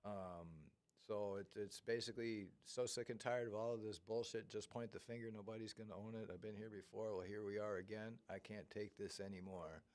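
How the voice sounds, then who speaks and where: A man's voice: lowish voice, steady tone, fairly quick, hardly any pauses, a little mellow. A man, a songwriter in a band, talking plainly in a casual interview and swearing casually.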